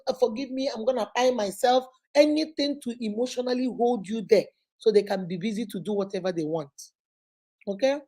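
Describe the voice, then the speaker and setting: A woman, a relationship counselor, telling stories and giving advice in a lively, preachy way. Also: medium pitch. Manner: animated, preachy, acts out people in her stories. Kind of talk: storytelling advice talk.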